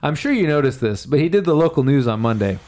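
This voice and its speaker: A man hosting a loose podcast conversation, his voice sitting a little high. He riffs in a dry, sarcastic way. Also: very animated, fast, darkish tone. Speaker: podcast host. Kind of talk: casual chat.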